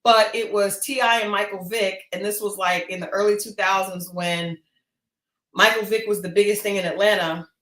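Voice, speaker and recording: Woman, podcast co-host, bright voice, roomy echo, casual storytelling. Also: mid-range voice, moderate pace. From Oklahoma. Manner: animated storytelling with quoted voices. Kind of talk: casual chat. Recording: echoey room.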